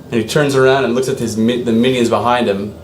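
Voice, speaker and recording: A man's voice: medium pitch, steady tone, fast talker, echoey room, a little hiss or hum. A man narrating as dungeon master in a loose, rambling way, with restarts and asides to the players. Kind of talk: narrating a tabletop game.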